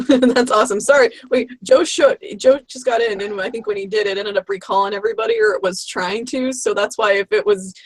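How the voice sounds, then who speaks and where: A host runs a casual group video call and talks quickly and chattily. The sound is dry and close, with no room in it. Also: medium pitch, fairly even intonation, dry recording.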